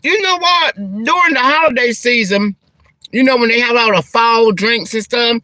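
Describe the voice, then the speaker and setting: A woman's voice: a little high, moderate pace, no room sound. A middle-aged woman, chatting casually to her viewers over lunch, calling them honey and child and laughing often. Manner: chatty, Southern-style endearments like honey and child; animated and laughing, church exclamations. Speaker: vlogger. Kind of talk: casual mukbang-style chat.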